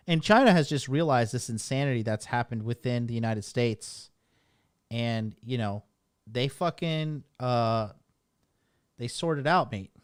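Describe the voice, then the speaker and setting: A man rants to his stream audience, loose and rambling, cursing freely and talking bluntly. His voice sits at a middling pitch and comes across dry and close, with no room sound around it. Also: lively intonation, measured pace, clean tone, dry recording. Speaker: dating coach streamer. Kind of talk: casual livestream rant.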